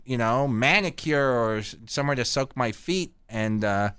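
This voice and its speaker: A middle-aged man from Canada hosting a podcast, telling rambling stories in a crude, deadpan comic way. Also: mid-range voice, moderate pace, clear, resonant tone. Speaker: podcast host. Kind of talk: casual profane storytelling.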